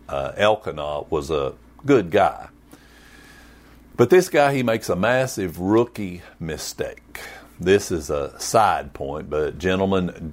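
A male pastor delivering a sermon in a slow, deliberate rhythm. His fairly low voice swings widely in pitch as he tells the story with jokes and folksy sayings.

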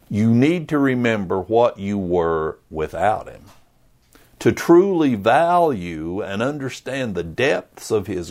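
A man's voice: on the low side, darkish tone. A man preaching a sermon in an earnest, conversational way, acting out little asides. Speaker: pastor.

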